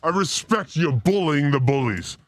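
A man's voice: on the high side, animated, moderate pace, slight background noise. A man hosting a casual live-stream chat, provocative and jokey in an irreverent way. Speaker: host.

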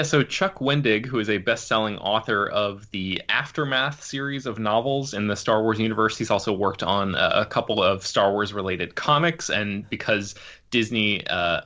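A man's voice: on the low side, sharp tone, highs cut off. A man co-hosting a film podcast, explaining news at length with many fillers and restarts. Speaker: senior writer, podcast co-host. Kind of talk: casual podcast chat.

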